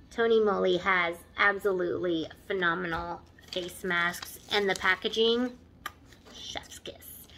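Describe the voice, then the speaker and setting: A bright, fairly high woman's voice, unhurried and drawn out, chatting through a beauty box unboxing. She gushes and keeps turning to her viewers, then sinks into soft whispers over products she loves. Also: slight background noise. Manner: gushing, excitable, keeps addressing viewers; drops to soft whispers when admiring products. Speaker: beauty vlogger. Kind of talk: casual unboxing chat.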